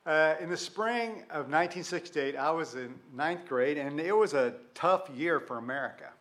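An older man with a drawl preaches in a relaxed, conversational way, leaning on rhetorical questions and stories from his own past. His voice sits a little high for a man. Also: moderate pace. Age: 60s. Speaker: pastor. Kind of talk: sermon.

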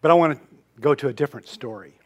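A male pastor telling stories in a conversational sermon, moving between loud emphasis and soft, almost whispered moments. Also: mid-range voice, fast talker. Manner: conversational storytelling, swings from loud emphasis to hushed near-whisper.

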